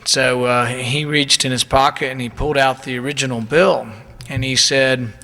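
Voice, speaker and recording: A man's voice: medium pitch, steady tone, normal speed, bright, forceful tone, in a large hall. A man giving an indignant, emphatic public speech and telling stories of ordinary people.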